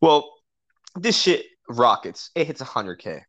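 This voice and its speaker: A podcast co-host tells a friend a crude story in casual chat, swearing constantly, laughing often and staying animated. His mid-range voice moves at a measured pace, recorded with no room sound.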